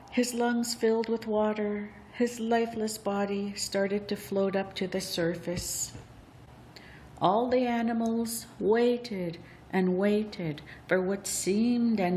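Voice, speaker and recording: Woman reading a legend out real slow, expressive and drawn out, faint hiss behind. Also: mid-range voice. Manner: deliberate, expressive, drawn-out phrasing. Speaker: storyteller. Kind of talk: storybook narration of a legend.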